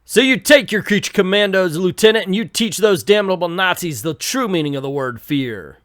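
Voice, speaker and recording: A man voicing a gruff older army general who barks orders and cuts people off. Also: sits high, expressive, normal speed, a bit bright, no room sound, clean studio sound, voice pushed up. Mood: blustering. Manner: barking, commanding.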